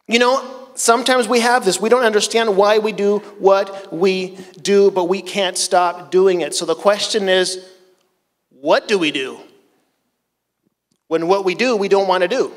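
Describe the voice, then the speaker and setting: High-voiced pastor preaching in a reverberant church. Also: male voice, unhurried. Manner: conversational preaching with rhetorical questions. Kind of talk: sermon. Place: church sanctuary.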